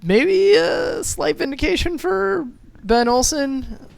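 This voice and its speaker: A man's voice: extremely high pitch, sing-song, takes it slowly, gravelly, no room sound. A man co-hosting a soccer podcast, hesitant with many fillers. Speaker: podcast co-host. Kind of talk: casual podcast chat.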